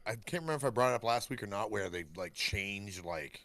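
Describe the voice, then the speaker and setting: A man's voice: on the low side, animated, fairly quick, creaky, fairly bright tone, no echo. A man co-hosting a casual podcast, rambling easily with lots of fillers. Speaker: podcast co-host. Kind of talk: casual chat.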